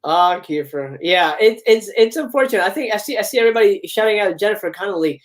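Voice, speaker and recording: A woman's voice: mid-range voice, animated, fast talker. A woman guest in a casual livestream film chat, blunt and enthusiastic, swearing freely. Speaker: guest co-host.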